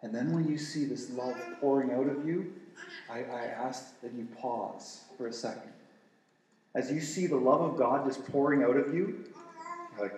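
A man's voice: medium pitch, moderate pace, a little mellow, slight background noise. A middle-aged man preaching a sermon in an earnest, conversational way with casual asides to the room. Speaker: pastor. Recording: roomy echo, mic at a distance.

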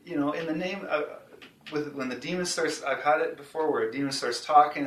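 A man hosting a casual faith discussion, talking in a rambling, animated way and laughing easily. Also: fairly high pitch, a little fast, a little hiss or hum. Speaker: host. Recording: roomy sound, mic at a distance.

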